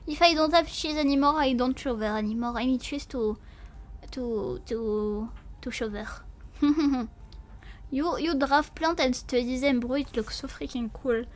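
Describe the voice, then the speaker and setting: A high-pitched woman chatting casually with her stream viewers, playful and goofy, with a lot of cursing. She speaks at an unhurried, drawn-out pace and sounds a little sleepy. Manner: playful, silly, swears often, talks to chat. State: sleepy, yawning. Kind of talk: casual livestream chat.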